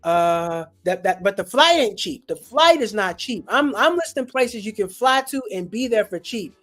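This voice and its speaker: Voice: mid-range voice, expressive, normal speed, a bit bright. A podcast host who grew up in Europe, chatting casually and rambling, with many fillers and self-corrections. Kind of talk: casual chat.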